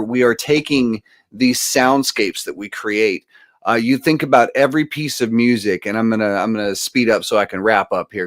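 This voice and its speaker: A man's voice: medium pitch, no room sound, clean studio sound. A man speaking as a guest musician, earnest and rambling, with many fillers and restarts in a casual motivational talk.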